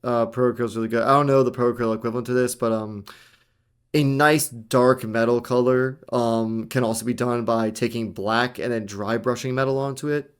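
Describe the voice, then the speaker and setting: A man's voice: mid-range voice, steady tone, normal speed, clear, resonant tone. A young man co-hosting a casual hobby chat, talking eagerly with slangy asides. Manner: enthusiastic, chatty, slangy. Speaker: podcast co-host.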